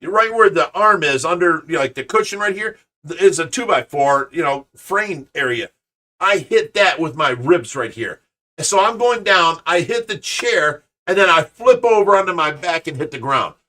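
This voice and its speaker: A man hosting a show, telling a story in casual chat, animated and restarting his sentences often. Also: fairly high pitch, moderate pace. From Ohio, USA. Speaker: show host. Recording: voice a bit far from the mic.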